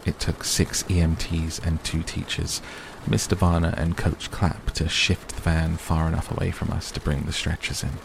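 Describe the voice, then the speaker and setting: A man reading a novel aloud in steady first-person narration. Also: rumbling low, moderate pace, gravelly, noisy background. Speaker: audiobook reader.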